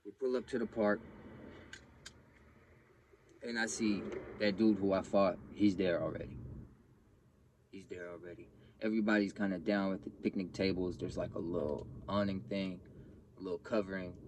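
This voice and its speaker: A man's voice: deep voice, steady tone, moderate pace, pauses often, a little mellow, a little hiss or hum. A young man telling a personal story in casual, profane street slang, acting out the other people's lines. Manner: blunt, profane street slang, acts out quotes with raised voice.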